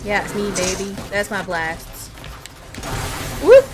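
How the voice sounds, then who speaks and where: A woman streaming a video game, giving casual live commentary, chatty and quick to swear and shout when frustrated. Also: mid-range voice, lively intonation, over music.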